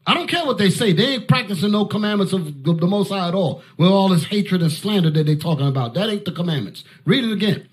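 A man preaching Bible teaching with fiery force, breaking into loud shouted outbursts and barking commands at a reader. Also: high-pitched, animated, fast talker, hardly any pauses.

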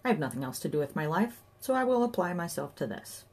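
A woman's voice: fairly low pitch, very animated, fast, slightly rough. A woman reading an audiobook voices an anxious, stubborn man who talks earnestly and insistently. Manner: earnest, insistent, frantic when shouting. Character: anxious, stubborn grown man, easily agitated.

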